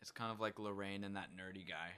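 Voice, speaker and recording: A man's voice: lowish voice, fairly even intonation, quick pace, pushed and bright, smooth. A man co-hosting a casual movie chat, chiming in with short teasing remarks. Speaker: podcast co-host.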